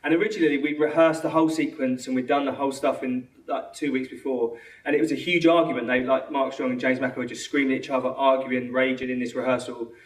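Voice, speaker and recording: A man with a London accent, a film director answering questions after a screening, talking quickly with many restarts and acted-out quotes. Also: mid-range voice, fairly even intonation. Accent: London English. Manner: fast, rambling, full of restarts and quoted dialogue. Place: cinema auditorium. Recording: echoey hall from far off.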